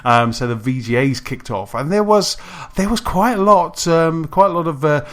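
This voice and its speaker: Guy hosting a games podcast, bright voice, lots of ums and restarts. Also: a little high, lively intonation, moderate pace. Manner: rambling, many fillers and restarts, laughs easily. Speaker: podcast host. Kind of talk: casual gaming podcast chat.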